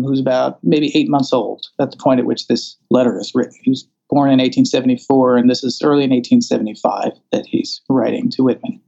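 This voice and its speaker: A man from the American South talks through his ideas in a relaxed, conversational interview. He has a mellow, dark voice and a wry, thoughtful way of speaking, full of restarts and fillers. The recording sounds muffled and dull. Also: on the high side. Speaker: interviewed scholar.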